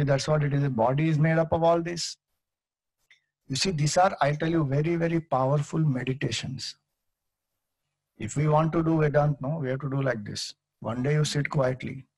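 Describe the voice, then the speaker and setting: A man's voice: fairly high pitch, vocal fry, a little mellow, breathy edge, no echo, rough recording. A man with an Indian accent giving a spiritual lecture, explaining patiently and telling stories with acted-out quotes. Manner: mixes in Hindi phrases. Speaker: Vedanta teacher.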